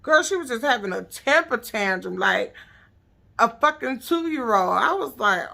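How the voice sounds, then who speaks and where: A woman's voice: on the high side, sing-song, normal speed, gravelly, pushed and bright. A woman casually recapping a reality TV episode, blunt, profane and sassy.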